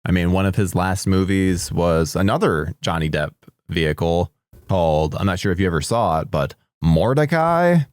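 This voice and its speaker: A man's voice: sits low, expressive, moderate pace, darkish tone, no echo, studio quality. A man co-hosting a podcast, joking and laughing often as he talks casually about a movie. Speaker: podcast co-host. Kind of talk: casual movie-discussion chat.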